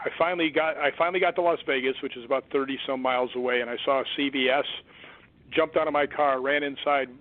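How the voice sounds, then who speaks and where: A man, a stuntman guest on an interview show, telling an eerie story in an animated way and acting out the voices of the people he quotes. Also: medium pitch, fast. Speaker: guest, stuntman and ghost hunter. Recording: tinny phone line.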